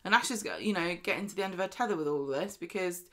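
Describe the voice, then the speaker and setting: A woman's voice: lowish voice, fast talker, bright, forceful tone. A woman co-hosting a podcast, chatting casually about a soap opera and acting out characters' lines with bursts of emphasis. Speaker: podcast co-host. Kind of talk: casual chat reviewing a soap.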